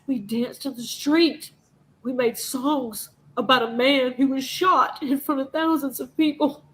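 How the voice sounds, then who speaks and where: A woman's voice: sits high, steady tone, measured pace, a bit bright, low-quality recording. A woman vlogger delivering an impassioned, profane rant straight to her audience. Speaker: news vlogger. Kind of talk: emotional monologue to camera.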